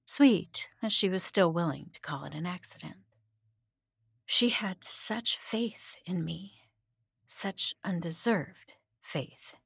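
A soft-spoken woman narrates a first-person horror story. She often sinks into a hushed whisper. Her low voice sits close to the mic in a dry, deadened space. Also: creaky, no room sound.

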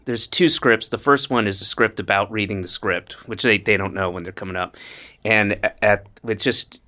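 A man hosting a podcast in casual chat, laughing loudly and retelling stage bits. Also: on the low side, normal speed. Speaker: podcast host.

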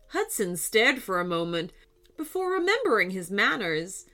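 A woman's voice: medium pitch, sing-song, normal speed, pushed and bright, soft background music. A woman narrating a children's story expressively, voicing sound effects as she reads.

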